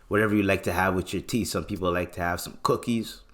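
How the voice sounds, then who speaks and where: A young man from Canada hosting a solo podcast, rambling in a relaxed way with lots of slang and swearing. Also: sits low, fast talker. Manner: laid-back, swears often, slangy, rambling. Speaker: podcast host. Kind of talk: casual solo podcast talk.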